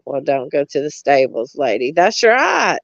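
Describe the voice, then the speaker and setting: A woman's voice: sits low, big pitch swings, unhurried, dry recording, highs cut off. A woman, a vlogger gossiping in a blunt, mocking way, often laughing and cursing. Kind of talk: casual gossip chat.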